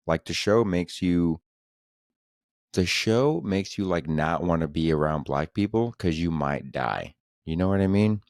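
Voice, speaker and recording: Hosting a solo podcast, this man drifts loosely between thoughts, full of profanity and crude jokes, in an extremely deep, low voice that's animated, a little slow and a little mellow. His audio is close and dry, free of room echo.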